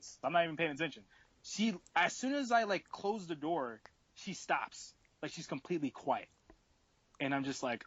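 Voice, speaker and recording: A man's voice: on the high side, expressive, moderate pace, fairly bright tone, dry recording, dull audio. A young man hosting a podcast, telling a story casually and animatedly, with lots of "like" fillers and acted-out asides. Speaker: podcast host.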